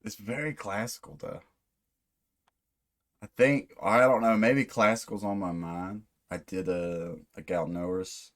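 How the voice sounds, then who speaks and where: Deep-voiced man thinking aloud. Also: fairly even intonation, measured pace. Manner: rambling, thinks aloud with many restarts. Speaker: music reaction channel host. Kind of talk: casual reaction commentary.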